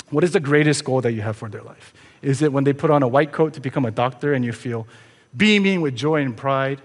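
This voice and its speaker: Earnest male pastor in a reverberant church. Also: medium pitch. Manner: earnest, rhetorical questions, conversational asides. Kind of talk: sermon. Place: church sanctuary.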